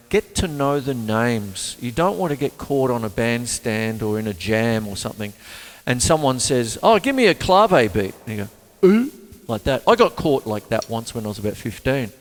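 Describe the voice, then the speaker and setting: Lively older drum teacher. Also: male voice, medium pitch. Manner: chatty, sings rhythms aloud. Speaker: drum teacher and show host. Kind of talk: casual drum lesson. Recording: reverberant room with drums.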